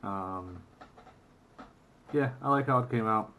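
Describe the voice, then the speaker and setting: A man gives a relaxed, hesitant vlog wrap-up about his drawing, with many fillers. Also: on the low side, takes it slowly, a little hiss or hum. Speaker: comic artist vlogger. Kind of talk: casual vlog narration.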